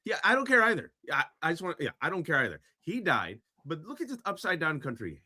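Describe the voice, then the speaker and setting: A man's voice: a little high, wildly swooping pitch, fast talker, few pauses, sharp tone, breathy edge. Impassioned man ranting on politics. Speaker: co-host. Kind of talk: political commentary chat.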